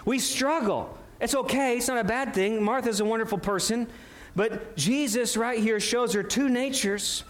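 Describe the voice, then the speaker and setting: High-voiced man preaching a lively sermon. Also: normal speed. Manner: animated preaching, acting out scripture dialogue and asking rhetorical questions. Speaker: pastor. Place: church sanctuary.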